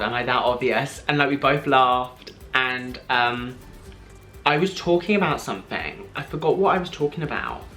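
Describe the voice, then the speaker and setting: A young man in his twenties spills a story to his vlog camera in a gushing, breathless rush, packing every sentence with "like" and "I was like". His voice sits at an ordinary middle pitch, with faint music under it. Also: pushed and bright. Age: 20s. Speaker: vlogger. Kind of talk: excited personal storytelling.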